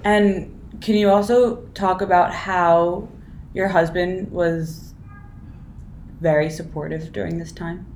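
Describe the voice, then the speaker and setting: A woman's voice: fairly low pitch, steady tone, slow. A woman hosting a podcast interview, asking questions in an encouraging way. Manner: warm, encouraging listener. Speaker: podcast host. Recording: echoey room, faint noise.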